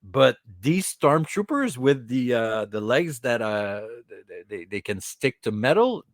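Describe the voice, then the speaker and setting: Podcast host, male, casual toy chat; mocking, giggly, unhurried delivery, slips into French. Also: medium pitch, big pitch swings, no echo, studio quality. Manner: mocking, giggles between remarks; switches into French at times.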